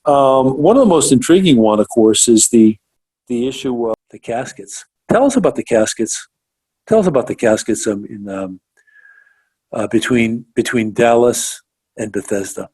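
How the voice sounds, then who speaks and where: A man's voice: mid-range voice, animated, normal speed, a little mellow, breathy edge, low-quality recording. A man hosting a radio interview, enthusiastic and often restarting his sentences. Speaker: radio show host.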